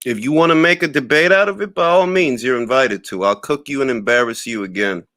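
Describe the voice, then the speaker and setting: A man's voice: medium pitch, brisk, sharp tone, no echo, clean studio sound. A man hosting a boxing talk livestream, ranting and trash-talking a rival with mocking laughs and greeting chat viewers. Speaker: boxing talk show host.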